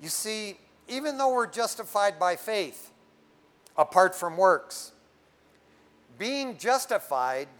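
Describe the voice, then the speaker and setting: A middle-aged man preaching a sermon, conversational and emphatic, swinging from fervent prayer to hushed tones. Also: high voice. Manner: conversational, says "man" often. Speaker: pastor.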